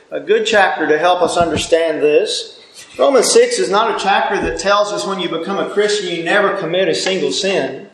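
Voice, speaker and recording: High-voiced man preaching in an echoey room. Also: a bit bright. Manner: earnest, repeats words when stressing a point. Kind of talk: sermon.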